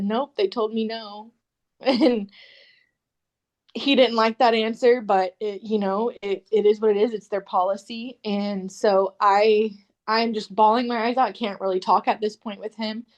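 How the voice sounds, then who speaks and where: A young woman shares a hard personal story on a podcast, quoting the people around her as she goes. Her voice sits at a middle pitch for a woman. She hesitates often, with many fillers and restarts. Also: a little mellow. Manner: emotional retelling, quoting others in dialogue. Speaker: podcast guest.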